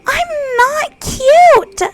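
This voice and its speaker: A woman voicing a prickly, defensive teen girl who talks shrill and loud and snaps quickly. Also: heavy background noise, full character voice. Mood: flustered, defensive. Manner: shrill, shouting, quick to snap.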